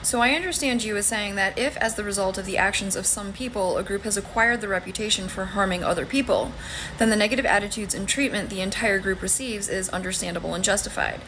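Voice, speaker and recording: A woman's voice: mid-range voice, fast, a bit bright, slight background noise, low-quality recording. A woman giving argued commentary in a formal, articulate, lecturing manner.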